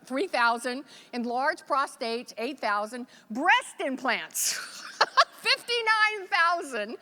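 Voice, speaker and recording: A woman from Virginia delivers a motivational keynote, spinning folksy, joking stories. Her voice sits a little high and rings bright and forceful. The sound carries the long echo of a big conference hall. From Virginia, USA. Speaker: motivational speaker.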